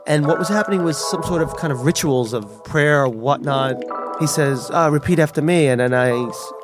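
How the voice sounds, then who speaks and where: A man from New York, telling a personal story in an animated way and acting out the voices of the people in it. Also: medium pitch, moderate pace, over music. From New York City. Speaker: storyteller guest.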